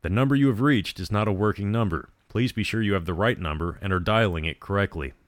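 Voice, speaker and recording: A man's voice: on the low side, fast talker, no echo, studio quality, lightly acted. A man voicing a colorless, impersonal telephone operator recording in a spoken story. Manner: colorless, courteous, flat.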